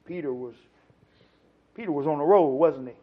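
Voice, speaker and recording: A man preaching a sermon, swinging from loud, emphatic lines to hushed ones and acting out the quotes. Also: a little high, normal speed. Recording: dull lo-fi sound.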